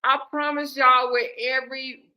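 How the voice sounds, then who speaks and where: High-voiced woman host, aave, laughing so hard she's crying, dramatic, talking to y'all. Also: little pitch movement, a little slow, pushed and bright. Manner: laughing through tears, dramatic, addresses audience as y'all. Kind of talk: casual commentary to viewers.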